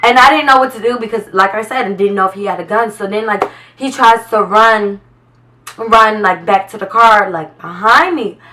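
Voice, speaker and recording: A young woman vlogger telling a story in a casual, animated way, full of "like". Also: medium pitch, moderate pace, distant mic, slight background noise, poor audio.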